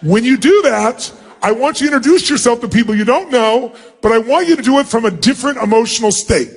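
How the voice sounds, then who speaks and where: A man's voice: extremely high pitch, animated, slightly rough. A man giving a live motivational seminar to a large crowd, commanding the audience and calling for their responses. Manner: acts out quick mock greetings. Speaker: motivational speaker. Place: large auditorium.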